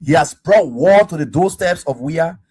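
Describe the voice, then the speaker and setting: A man hosting a call-in radio show, talking fast and pushy. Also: a little high, expressive, a little mellow, husky. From Liberia.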